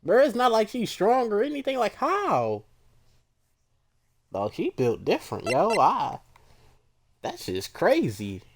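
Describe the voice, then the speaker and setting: Slangy, excitable man playing a game. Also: sits high, takes it slowly, long pauses. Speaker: gaming streamer. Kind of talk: casual let's-play commentary.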